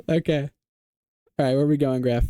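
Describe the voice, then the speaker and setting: A man hosting a casual online quiz game, reading clues aloud and confirming answers with a quick "yes, sir". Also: a little high, mellow, clean tone, dry recording. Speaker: quiz show host.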